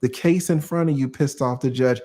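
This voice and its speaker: A man hosting a livestream, talking casually and profanely, reading out viewer shout-outs. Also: mid-range voice, normal speed. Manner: animated, profane, reads out chat shout-outs. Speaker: host.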